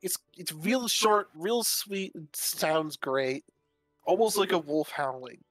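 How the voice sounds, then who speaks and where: A woman's voice: sits low, dry recording, faint music behind, rough recording. Give me a woman playing a bard in a tabletop game who stammers, restarts, and laughs easily. She talks casually into a close, dry mic. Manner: stammering, giggly, quick. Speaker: player, bard.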